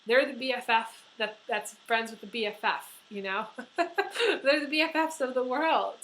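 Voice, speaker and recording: A woman's voice: fairly high pitch, unhurried, fairly bright tone, slight background noise, poor audio. A woman giving a tarot horoscope reading, talking earnestly and emotionally with many fillers and restarts. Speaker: tarot reader.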